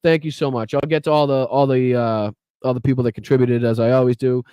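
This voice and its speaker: A man's voice: medium pitch, fairly even intonation, quick pace, mellow, smooth, no room sound, dull audio. A man with a Boston accent hosting a political podcast live, talking bluntly and with fired-up profanity. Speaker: podcast host. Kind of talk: live-stream political commentary.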